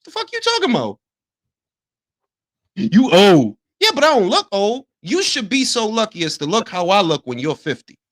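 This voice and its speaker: Fifty-something guy ranting in casual chat, lots of cursing, high lively voice. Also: brisk, few pauses. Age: 50s. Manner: profane, heated ranting. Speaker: podcast co-host.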